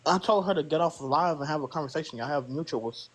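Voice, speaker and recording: A man's voice: on the high side, fast talker. A man retelling a confusing morning on a TikTok live stream. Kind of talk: casual storytelling.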